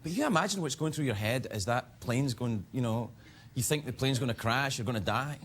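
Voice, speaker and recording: A man as a late-night talk show host, giving a stand-up comedy monologue in a self-mocking way, chuckling at his own jokes and jumping into high, yelping asides. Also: expressive, fairly quick. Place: TV studio with a live audience. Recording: audience laughter and room noise. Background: live studio audience laughing.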